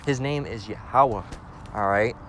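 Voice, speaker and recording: Over some background noise, a street preacher with a mid-range voice leads a casual Bible lesson. He takes the verses at a slow pace and then explains them in plain, blunt slang, repeatedly checking in with "all right?"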